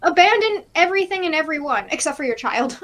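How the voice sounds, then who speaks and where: A woman's voice: high-pitched, lively intonation, fairly quick, fairly bright tone, a little hiss or hum. A woman co-hosting a live reading stream, chatting with enthusiasm, laughing often and using many fillers. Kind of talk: casual chat.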